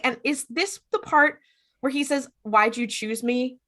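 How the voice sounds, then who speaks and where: A woman with a bright, forceful voice recaps a TV episode for a podcast. She talks casually and slips into the characters' lines as she retells the scenes. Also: high-pitched, moderate pace. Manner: animated, acts out characters' lines while retelling. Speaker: podcast co-host.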